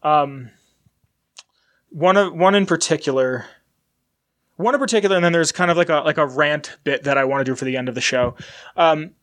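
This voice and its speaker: A man's voice: on the high side, moderate pace, long pauses, a bit bright. A man in his twenties hosting a podcast, chatting candidly in a rambling, casually profane way. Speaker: podcast host. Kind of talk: casual chat.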